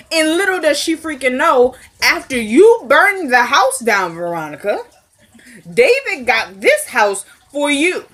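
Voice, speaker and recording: A woman giving an animated, casual recap of a TV episode. She laughs often and acts out the scenes. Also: a little high. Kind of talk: casual chat.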